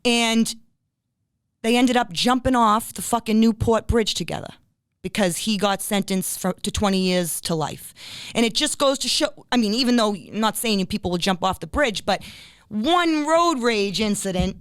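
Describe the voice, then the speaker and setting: A woman with a New England accent hosting a podcast, blunt and profane, breaking into shouts when she gets worked up. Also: medium pitch, lively intonation, moderate pace, clean tone, no room sound, clean studio sound. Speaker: podcast host. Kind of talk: casual podcast chat.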